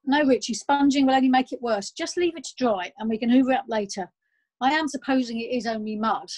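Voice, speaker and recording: A woman voicing a fussy, bossy middle-aged mother hosting a family party, brisk and exasperated. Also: on the high side, darkish tone, close to an everyday voice, rough recording.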